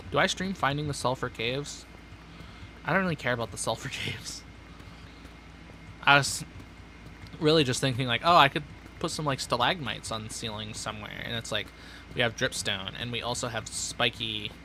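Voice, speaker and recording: Young man, streamer, bright voice, sardonic, rambling, self-talking. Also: medium pitch, slight background noise. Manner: rambling, sardonic, talks to himself. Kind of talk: casual gameplay chatter.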